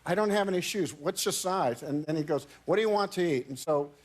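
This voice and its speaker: Talk show guest, male, voice a touch high, chatty anecdote, stops and restarts often. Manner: halting, restarts and repeats words. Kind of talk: telling an anecdote in casual chat.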